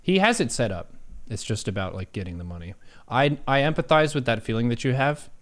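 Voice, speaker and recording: A man's voice: medium pitch, lively intonation, brisk. Playful laughing male stream host. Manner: playful, laughs a lot, teasing. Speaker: show host. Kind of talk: casual live-stream chat.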